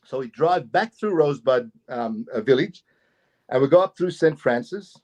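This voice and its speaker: A middle-aged Australian man from Queensland, telling a story as an interview guest in a casual, lively way and acting out the people in it. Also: mid-range voice, moderate pace, highs cut off. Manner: animated, laughing, acts out the people in his story.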